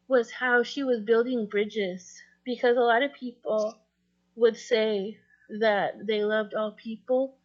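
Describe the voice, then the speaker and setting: A woman giving a memorial tribute over a video call, speaking gently with pauses and restarts. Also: a little high, highs cut off. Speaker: mourner giving a eulogy.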